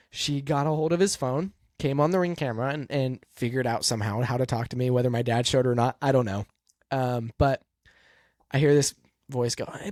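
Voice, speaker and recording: A man with a mid-range voice tells a personal story in a halting, soft-spoken way, full of pauses and fillers. He sounds earnest and emotional. The recording is dry and close, with no room sound. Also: mid-range voice, no room sound. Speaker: podcast host and race car driver.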